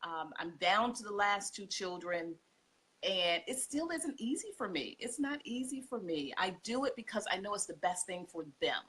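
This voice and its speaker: A woman's voice: medium pitch, normal speed, breathy edge. A woman, a homeschooling mother telling heartfelt stories as a podcast guest. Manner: heartfelt, tearful, expressive storytelling. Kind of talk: emotional podcast interview.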